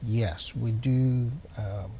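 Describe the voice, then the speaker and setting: A man in his sixties, a doctor answering health questions on a TV call-in, slow and measured with many hesitant fillers. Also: medium pitch, steady tone, mellow, a little hiss or hum.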